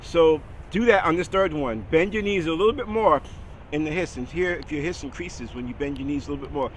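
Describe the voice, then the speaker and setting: A man teaching a casual singing lesson, talking through posture steps in a relaxed way and checking in with the listener. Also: fairly high pitch, fairly quick. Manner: relaxed, talks through steps with "all right?" and "okay". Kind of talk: casual vocal lesson with exercises. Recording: outdoor traffic noise behind.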